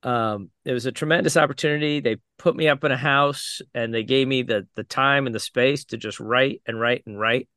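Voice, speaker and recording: Animated male podcast storyteller. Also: mid-range voice, normal speed, few pauses, no echo, studio quality. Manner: animated, mimics voices in the story. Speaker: podcast host. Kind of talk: storytelling anecdote.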